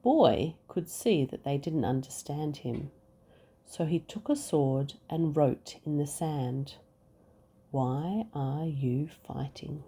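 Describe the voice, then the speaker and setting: A woman, a mother reading a picture book aloud to her children, expressive and acting out the sound effects. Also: sits low, slow pace, breathy edge. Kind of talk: bedtime story reading.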